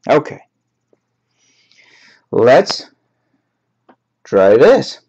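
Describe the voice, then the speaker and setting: A man's voice: medium pitch, big pitch swings, extremely slow, a little mellow, slightly rough. A man teaching a writing class in a chatty, wry way, laughing now and then at his examples. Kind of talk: classroom lecture on paraphrasing. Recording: dull lo-fi recording.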